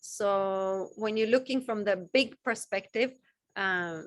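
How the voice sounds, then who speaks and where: A woman's voice: mid-range voice, slow. A woman with a Balinese accent giving an informal spiritual teaching, rambling, repeating phrases and acting out short quotes.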